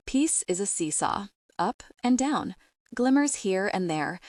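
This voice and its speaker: A woman's voice: on the low side, no room sound, studio quality. A woman narrating a first-person romance audiobook, reading both sides of the dialogue with light shifts.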